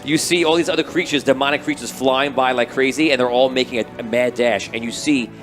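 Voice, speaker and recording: A man narrating a tabletop game as game master, telling the scene in a rambling, animated way. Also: mid-range voice, brisk, soft background music. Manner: rambling, animated storytelling with restarts.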